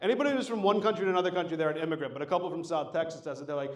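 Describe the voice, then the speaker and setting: Profane stand-up comic in an echoey room. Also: male voice, fairly high pitch, very fast. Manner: loose, profane, storytelling delivery. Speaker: headlining stand-up comedian. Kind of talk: live stand-up set. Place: live comedy show at an art venue.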